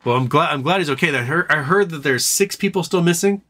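A man's voice: quick pace, sharp tone. Chatty man streaming live. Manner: rambling, jokey, talks to his dog in a high baby voice. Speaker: livestream host. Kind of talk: casual live stream chat.

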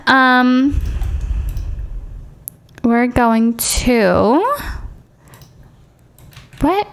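A young woman chatting casually as she streams a life-simulation game, excitably telling her characters what to do. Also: sits high, extremely slow, clear, resonant tone. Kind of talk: casual gameplay commentary.

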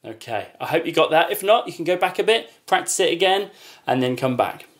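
A man's voice: a little high, lively intonation, fairly quick, fairly bright tone. A man teaching a children's music lesson, patiently counting beats aloud and demonstrating each sound.

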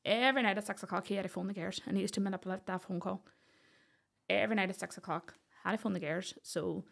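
A woman tells her own story as a podcast guest. She speaks earnestly in a mid-pitched voice with fairly flat intonation. She acts out the lines of the people in her story. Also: quick pace, gravelly. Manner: earnest, acts out what others said. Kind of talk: personal storytelling in conversation.

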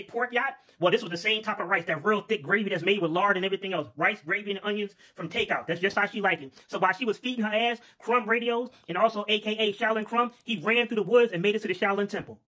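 A man spins an improvised comic kung-fu tale, rambling and cursing as he goes. His voice sits high and bright, and he talks at a rapid clip. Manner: profane, rambling, casual. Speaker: storyteller. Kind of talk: comedic improvised storytelling.

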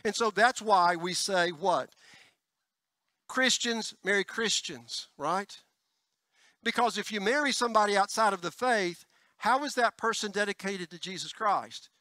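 A pastor preaching a conversational sermon, checking in with "folks" and "all right?" and tossing in joking asides. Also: male voice, high voice, unhurried, bright, forceful tone, dry recording. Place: church sanctuary.

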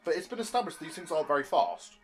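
A man's voice: on the high side, racing, a little hiss or hum. An English young man co-hosting a casual film commentary, asking pointed questions and picking apart plot holes. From England. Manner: animated, questioning, nitpicking. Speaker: podcast co-host.

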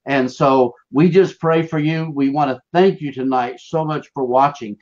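A man hosting a faith show, gently thanking viewers in a halting way with many fillers. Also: mid-range voice, fairly even intonation, dull audio. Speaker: show host. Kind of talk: closing remarks to viewers.

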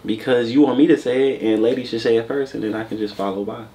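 A man's voice: mid-range voice, steady tone, fast, warm tone. A man in a comedy skit, talking in a laid-back, evasive, defensive way.

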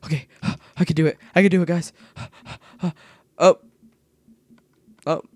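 A young man talks casually over his gameplay in a slightly high voice, rambling and easily excited. He yelps when startled, and the recording is close and dry, with no room sound. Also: slow pace, no echo. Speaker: gaming video creator.

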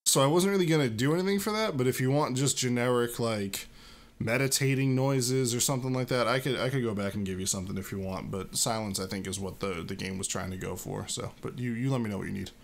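A voice actor chatting casually between takes, joking and rambling, with a strained throat. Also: male voice, medium pitch, fast, creaky. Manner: jokey, rambling, self-mocking. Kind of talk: casual recording-session chatter.

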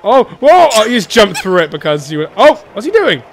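A young man streaming a co-op game with friends, excitable and quick to yelp and laugh when things go wrong. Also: high voice. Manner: excitable, yelps and laughs in panic. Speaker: gameplay streamer. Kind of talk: co-op gameplay commentary.

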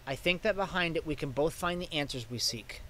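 A man reading game dialogue aloud, voicing a calm, composed grown man in a quiet, measured, reassuring way. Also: a little high, slight background noise, voice pushed down.

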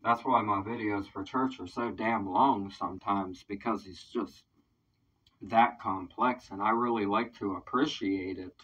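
A man hosting a casual reaction video, excitable, swearing freely and leaning on "like" as he thinks aloud. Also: fairly low pitch, a little slow, slightly rough. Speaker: reaction video host, independent artist. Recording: dull sound, slightly distant mic.

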